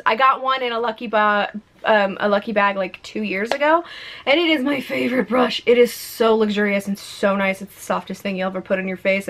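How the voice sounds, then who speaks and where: A young woman vlogging a makeup unboxing at home in a chatty, excitable, self-mocking way. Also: a little high, a little hiss or hum. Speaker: beauty vlogger. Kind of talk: casual unboxing vlog. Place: home room with a ring light.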